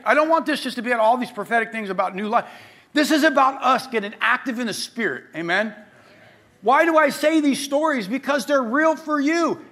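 Male pastor, middle-aged, very high and bright voice, animated sermon storyteller who acts out dialogue.

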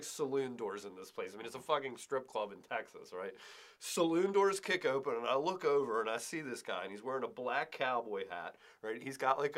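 A young man co-hosting a podcast, telling a story in a casual, animated way and swearing freely. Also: medium pitch. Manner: animated, swears a lot, acts out quotes. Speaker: podcast co-host.

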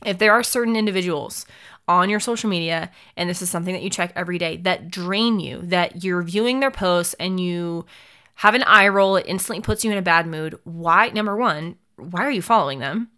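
A woman's voice: on the low side, a little fast, fairly bright tone. A young woman pageant coach talking alone on her podcast, giving direct, motivational advice with lots of rhetorical questions. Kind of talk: solo podcast talk.

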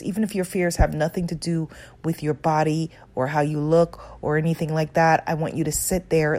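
Self-help coach, woman, warm dark tone with vocal fry, earnest and encouraging. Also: sits low. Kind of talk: guided self-help talk.

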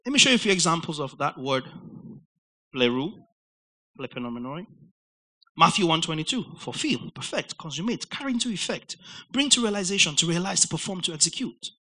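A man's voice: on the high side, big pitch swings, brisk, bright, forceful tone, low-quality recording. A man preaching a sermon, explaining Greek words with repetition and quizzing his listeners. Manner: emphatic teacher, repeating words and quizzing listeners.

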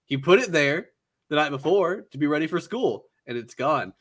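A man co-hosting a casual podcast, retelling a film with lively acted-out quotes. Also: on the high side, normal speed. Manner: animated storyteller, jumps into character voices. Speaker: podcast co-host.

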